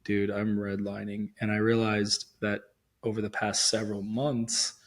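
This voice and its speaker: Guy hosting a podcast, easygoing, jokes around, lots of "right" and laughing. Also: lowish voice. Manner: relaxed, jokey, laughs often, quick affirmations. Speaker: podcast host. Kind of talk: casual conversation.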